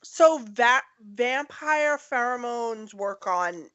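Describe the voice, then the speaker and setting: A woman's voice: fairly high pitch, expressive, drawn-out words, a bit bright. A young woman co-hosting a podcast in casual chat, telling stories animatedly and acting out the voices of people she quotes. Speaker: podcast co-host. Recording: dull lo-fi podcast audio.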